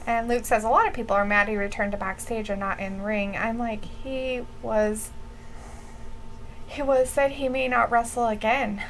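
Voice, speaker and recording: A woman's voice: on the high side, steady tone, normal speed, a bit bright, a little hiss or hum, low-quality recording. A woman co-hosting a live stream, chatting casually about wrestling, laughing often and reading out viewer comments. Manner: giggly, laughs often between remarks; reads viewer chat comments aloud.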